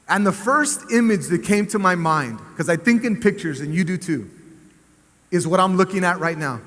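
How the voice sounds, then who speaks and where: A man's voice: high-pitched, normal speed. A man, a school superintendent telling a story in a speech to a staff assembly in a large hall. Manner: animated, story-driven public speaker. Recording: reverberant hall, amplified through speakers.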